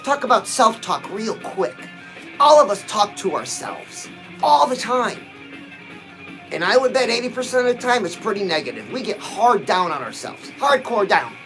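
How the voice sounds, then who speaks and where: A man's voice: high-pitched, very animated, moderate pace, a bit bright, faint music behind, poor audio. A man giving a punchy, exhorting motivational pep talk to his viewers, dropping frequent "oh"s as he talks. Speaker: motivational livestream host.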